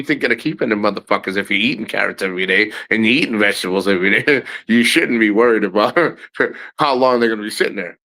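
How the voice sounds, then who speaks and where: A man's voice: fairly low pitch, fast, pushed and bright, low-quality recording. A middle-aged man rambling casually in a travel vlog, blunt and profane, laughing often. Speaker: travel vlogger.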